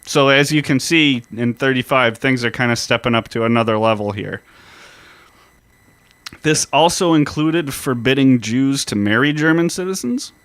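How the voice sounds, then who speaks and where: A man's voice: medium pitch, moderate pace, fairly bright tone, smooth, no room sound. A man co-hosting a history podcast, explaining events in a casual way and swearing freely. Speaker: podcast co-host.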